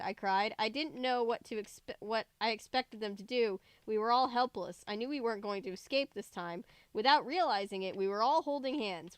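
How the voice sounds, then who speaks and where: A young woman reading a story aloud, giving the dialogue lively voices and breaking off for chatty, joking asides. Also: medium pitch, brisk, few pauses, clear, resonant tone, no echo. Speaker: reader of a book aloud.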